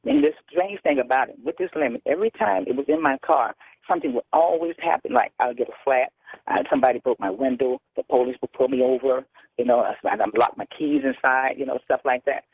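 A man's voice: medium pitch, quick pace, no room sound. A male radio caller rambling through an odd anecdote and chuckling along. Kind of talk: phone-in anecdote. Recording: tinny phone line.

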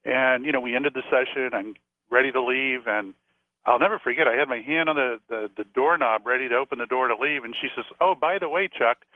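A man's voice: medium pitch, brisk, dry recording. Man, radio guest, chatty storyteller, phone-line sound, dry. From Florida. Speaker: psychic and former police officer, radio guest. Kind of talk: storytelling on a call-in radio show.

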